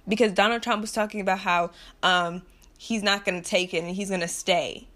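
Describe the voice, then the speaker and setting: A woman's voice: mid-range voice, steady tone, fairly quick, a bit bright. A young woman from the United States delivering an impassioned, frustrated rant to camera, blunt and repetitive, with nervous laughs between points. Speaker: vlogger.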